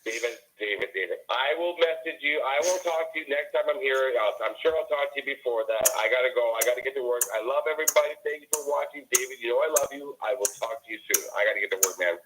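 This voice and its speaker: A man's voice: mid-range voice, background noise. A man from Canada, a guest on a casual live stream, who teases the host and sounds in a hurry to leave. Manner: teasing, hurried.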